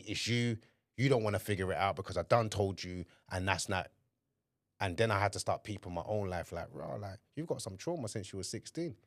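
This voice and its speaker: A man's voice: lowish voice, dry recording, clean studio sound. A man co-hosting a podcast, talking frankly in slang and acting out his own inner voice. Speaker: podcast co-host. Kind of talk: candid conversation.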